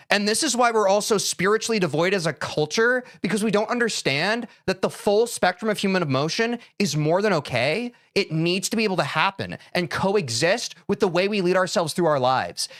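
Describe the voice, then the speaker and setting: A young man streams live, talking straight to his chat in a heated, preachy way, with music playing behind his gaming stream. His voice is high and animated, a bit bright, at a moderate pace.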